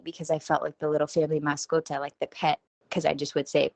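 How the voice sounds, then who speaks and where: A woman's voice: low voice, fairly even intonation, a little fast, dry recording. A woman around forty, talking in a rambling, self-deprecating casual monologue as a podcast host, laughing at herself. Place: at home.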